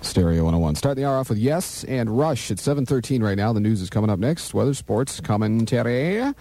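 Husky, jokey radio morning host man. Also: medium pitch, expressive, brisk, dark tone. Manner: jokey, rambling, mock-outraged. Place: radio studio.

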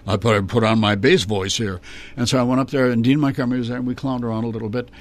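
An older man, a former children's television performer, recalling his early career in an interview, animated and laughing often as he tells stories. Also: medium pitch, quick pace. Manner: animated storyteller, slips into character voices and laughs often. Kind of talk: reminiscing interview.

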